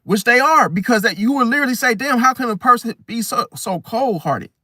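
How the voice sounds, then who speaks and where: A man's voice: extremely high pitch, animated, brisk, pushed and bright, no room sound, clean studio sound. A man ranting bluntly in a casual monologue as host, swearing and acting out quoted voices. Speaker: astrology channel host.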